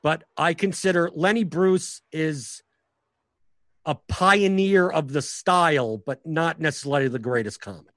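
Rambling through stories full of fillers and restarts, this man is a stand-up comic and professional poker player on a casual podcast. His voice is a little high, a little slow, and a bit bright. The recording is dry.

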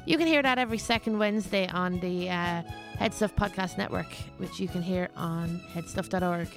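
A woman's voice: on the low side, moderate pace, creaky. A woman podcaster recording a playful, self-mocking promo spot. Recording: music playing behind.

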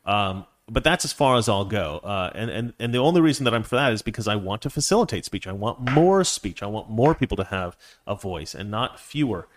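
A man's voice: on the low side, lively intonation, fairly quick. A man hosting a home livestream, reading viewer messages and giving opinionated commentary that rambles and restarts often. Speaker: live stream host.

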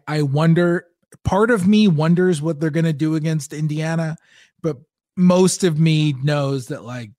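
A man's voice: on the high side, a little mellow, no echo, clean studio sound. A man on a sports podcast panel analyzing the game in a casual way, thinking aloud and restarting his sentences.

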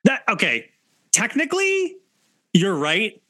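A man co-hosting a sports podcast in casual chat, animated and talkative, often cutting in. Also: high-pitched, moderate pace, no echo. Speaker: podcast co-host and team site writer.

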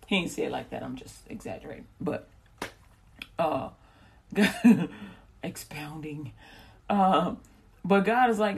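A woman teaches from the Bible in a loose, casual way. She rambles, slips into slang and often restarts her sentences. Her voice has a husky, breathy edge. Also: fairly low pitch, unhurried, long pauses, darkish tone.

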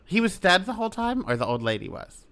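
Animated, bright-voiced male podcast host. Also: high voice, fast. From Canada. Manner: playful, laughs often, dramatic. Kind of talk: casual chat.

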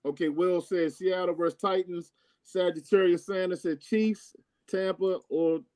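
A man co-hosting a casual sports chat, loud and brash, teasing viewers by name as he reads their picks. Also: high-pitched, steady tone, moderate pace, crowd noise. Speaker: co-host reading viewer comments.

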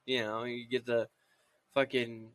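A man's voice: medium pitch, flat delivery, measured pace, fairly bright tone, no echo. A man co-hosting a podcast, bantering crudely, laughing often and putting on voices for jokes. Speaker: podcast host. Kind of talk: casual banter.

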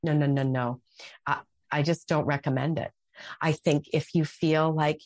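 A woman's voice: low voice, fairly even intonation, a little slow, a little mellow, dry recording. A middle-aged woman talking as a podcast guest, earnest and heartfelt, often restarting her sentences. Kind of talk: conversational interview.

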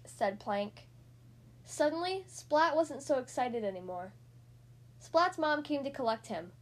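A woman's voice: high voice, animated, slow pace. A woman hosting a podcast where she reads storybooks aloud to young children, friendly and talking straight to her listeners. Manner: friendly, addresses listeners as guys. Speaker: podcast host reading to kids.

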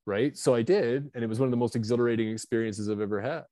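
A man in his fifties, a guest author telling personal stories in an animated, confessional way with lots of fillers and restarts. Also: mid-range voice, fast talker, no room sound. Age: 50s. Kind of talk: candid storytelling.

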